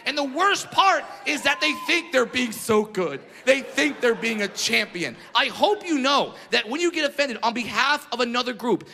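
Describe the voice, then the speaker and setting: A male stand-up comic with a high voice, ranting loudly and often shouting. He performs on stage at a live venue. The sound has a long hall echo and clear background noise. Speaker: stand-up comedian. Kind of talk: stand-up comedy routine. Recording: echoey hall with crowd noise.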